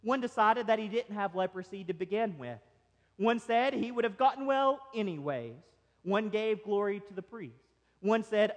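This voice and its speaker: A male pastor preaching a sermon, swinging between loud excitement and soft quiet. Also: sits high, normal speed. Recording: long hall reverb.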